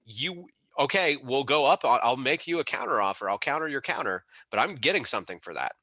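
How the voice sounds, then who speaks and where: Bright, animated man telling a story. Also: medium pitch, fairly quick, no room sound. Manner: animated, enthusiastic, rambling with restarts. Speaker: mobile home park operator and mentor. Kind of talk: casual interview storytelling.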